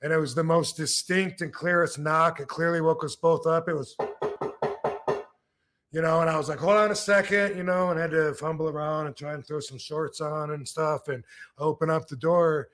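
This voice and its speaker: A man's voice: on the high side, fairly even intonation, normal speed, a bit bright, soft background music. A middle-aged man from Michigan, hosting a podcast and telling rambling stories in casual chat, full of fillers and restarts. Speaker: podcast host, wrestler.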